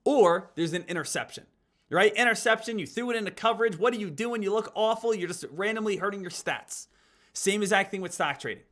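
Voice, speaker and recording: Brief: male trading streamer, high pitch, energetic, talks to chat. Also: fairly quick. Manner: energetic, talks straight to viewers as "guys". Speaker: live stock trading streamer. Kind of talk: live trading stream commentary.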